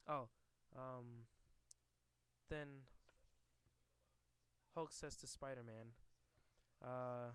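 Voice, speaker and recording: A man reads a comic book aloud in a casual, offhand way. His voice is smooth and clear. He hesitates often and restarts words as he goes. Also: mid-range voice, steady tone, very slow, pauses often, dry recording. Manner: hesitant, with restarts and stumbles over names. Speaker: reader recapping a comic book. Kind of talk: casual reading aloud and commentary.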